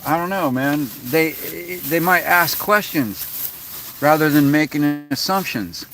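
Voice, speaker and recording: A man's voice: on the high side, expressive, takes it slowly. Foul-mouthed ranting man. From United States. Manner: profane, rambling, frustrated venting. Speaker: vlogger. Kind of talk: casual rant to camera.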